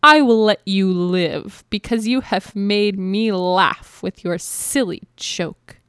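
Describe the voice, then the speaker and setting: A woman voicing a huge, proud male lion in a storybook reading, in a lower, gruff and mocking voice. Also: takes it slowly, a bit bright, no echo, clean studio sound.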